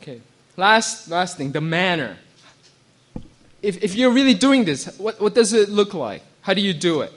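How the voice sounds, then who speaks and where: A man with a high-set voice gives a sermon as a pastor. He talks conversationally, restarting phrases and checking in with his congregation. He now and then acts out quoted voices and laughs. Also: big pitch swings, normal speed. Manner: conversational preaching with frequent restarts and "right?" check-ins.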